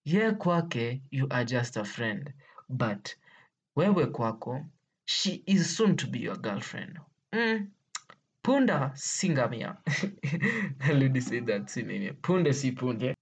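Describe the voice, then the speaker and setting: In a muffled recording, a vlogger with a Kenyan accent speaks slowly in a very animated mid-range voice with a breathy edge. The casual storytelling for viewers is playful and exclamatory, punctuated by laughter and Swahili slang mixed into English.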